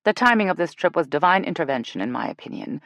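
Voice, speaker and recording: A nosy, dramatic mother rattles on with theatrical outrage, as a woman narrator puts her on. Her voice swoops widely, though it sits low. The sound is close and dry. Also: sing-song, quick pace, a bit bright, dry recording. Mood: chatty.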